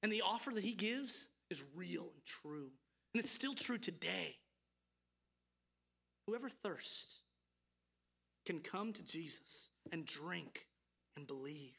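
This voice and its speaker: Preacher, mid-pitched voice, earnest sermon delivery, heavy use of rhetorical questions. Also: lively intonation, takes it slowly, vocal fry, long pauses, sharp tone, slightly rough.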